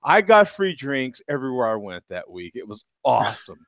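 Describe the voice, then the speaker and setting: A middle-aged man telling a story in casual chat. He is animated, laughs a lot and keeps asking "you know what I'm saying" over a video call. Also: mid-range voice, normal speed, creaky, a crowd in the background. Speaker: regular panelist. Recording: dull lo-fi video call audio.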